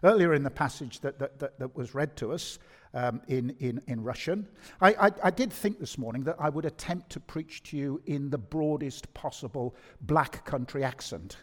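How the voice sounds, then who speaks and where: A man with a Birmingham accent preaching a sermon to a congregation, emphatic and animated, often repeating words as he restarts. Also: mid-range voice, normal speed. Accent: Birmingham English. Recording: long reverb of a large hall.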